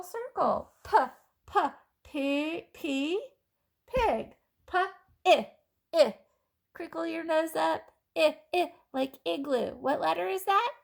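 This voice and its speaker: A woman teaching kindergarten children phonics, sounding out letters and words slowly and clearly in a patient, encouraging way. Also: high voice, animated. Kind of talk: phonics lesson for young children.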